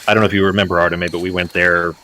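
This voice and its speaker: Deep-voiced rambling game master man. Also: little pitch movement, racing, sharp tone, slight background noise. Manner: rambling, many fillers and restarts. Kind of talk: narrating a tabletop game.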